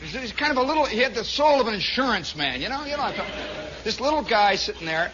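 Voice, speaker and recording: On his radio show, a man from Indiana spins a long storytelling monologue that wanders through many asides. His very high, sing-song voice moves fairly quickly, captured in a dull lo-fi 1960s broadcast with background noise.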